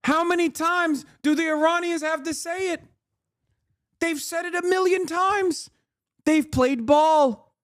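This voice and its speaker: Livestream ranter, male, thirties, high-pitched, dry mic, heated and profane. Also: fairly even intonation, a little slow, dry recording. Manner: ranting, profane, emphatic. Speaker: political streamer.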